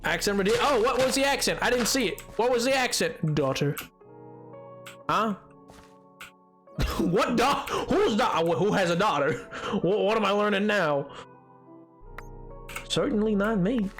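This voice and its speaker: A male streamer chatting casually with his viewers while playing, quick and a little defensive in his banter. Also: sits high, animated, a bit bright, soft background music. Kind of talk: casual gameplay chat reading chat.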